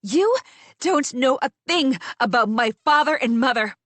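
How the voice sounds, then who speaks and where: A woman voicing a defiant young heroine who pleads and shouts in a raised, strained voice, in an audiobook. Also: on the high side, lively intonation, slow, no echo. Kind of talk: audiobook character voice.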